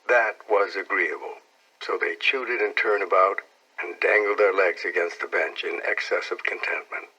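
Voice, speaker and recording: Older man narrating a classic novel, husky, bright, lowish voice. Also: lo-fi sound. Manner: expressive, measured storytelling. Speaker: audiobook narrator. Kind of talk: scripted narration.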